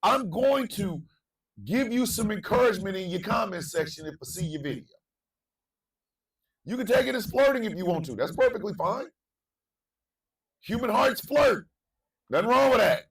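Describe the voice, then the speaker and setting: Man, radio host, preachy monologue, gravelly, sits back from the mic. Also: sits high, lively intonation, normal speed, far from the mic. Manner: preachy, repeats phrases, swings from murmur to shouting. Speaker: morning show host. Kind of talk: impassioned monologue.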